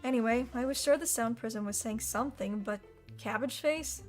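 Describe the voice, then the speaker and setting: A woman's voice: a little high, normal speed, faint music behind, close to an everyday voice. A woman voicing a cheerful, chatty schoolgirl with an eager, imaginative way of talking in an audiobook reading. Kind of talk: audiobook character voice.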